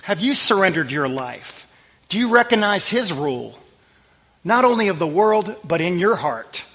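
A man preaching a sermon as pastor, talking conversationally and earnestly, dropping low and quiet on scripture verses. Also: big pitch swings, normal speed, in a large hall.

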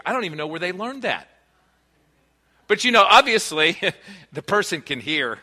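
Telling personal stories from his family life, a pastor preaches earnestly and conversationally. His high, sing-song voice has a sharp tone and moves at normal speed with long pauses, ringing through the long reverb of a large hall.

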